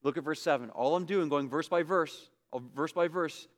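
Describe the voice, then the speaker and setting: A man preaching a sermon as pastor, emphatic and repetitive, swinging between loud bursts and hushed asides. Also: fairly high pitch, fairly quick, hardly any pauses, long reverb tail.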